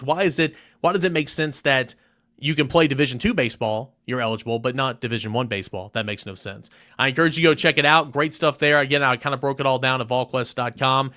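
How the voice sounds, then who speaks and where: A man's voice: medium pitch, bright, forceful tone. A young man hosting a solo sports podcast, talking emphatically and reading quoted passages aloud with rising force.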